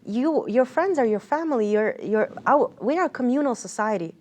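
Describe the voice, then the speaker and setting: A woman's voice: a little high, animated, normal speed, a little mellow. A woman from Israel, an interview guest, telling a personal story earnestly and reflectively, with many fillers and restarts.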